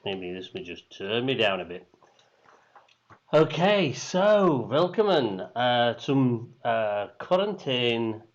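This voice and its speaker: A man's voice: mid-range voice, big pitch swings, slow pace. A man hosting a weekly online quiz in casual chat, hesitant and full of ums, switching between English and German. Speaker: quiz host. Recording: dull lo-fi stream audio.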